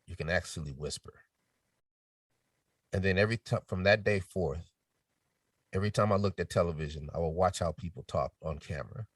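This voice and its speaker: A middle-aged man speaking as a podcast guest in casual chat, telling lively stories and switching into quoted voices, sometimes dropping to a near whisper. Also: deep voice, brisk, no room sound, clean studio sound, far from the mic. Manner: animated storytelling with quoted voices, drops to a near whisper to demonstrate.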